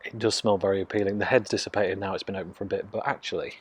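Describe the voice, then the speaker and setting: A man, from Nottingham, casually reviewing a beer in hushed, half-whispered tones, recorded on a phone mic out in his garden. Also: deep voice, fairly even intonation, racing, slightly rough. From Nottingham, England. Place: outdoors in a home garden.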